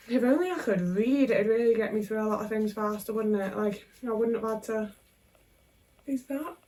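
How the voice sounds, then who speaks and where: A woman's voice: medium pitch, darkish tone, far from the mic, low-quality recording. Chatty woman in her kitchen. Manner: chatty and self-mocking, with constant tag questions. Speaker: vlogger. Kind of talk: casual cooking vlog chat.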